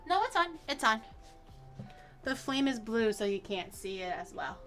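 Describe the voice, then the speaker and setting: A woman's voice: a little high, sing-song, moderate pace, bright, forceful tone, soft background music. A woman streaming herself cooking in a home kitchen, chatting casually, rambling through explanations and swearing now and then.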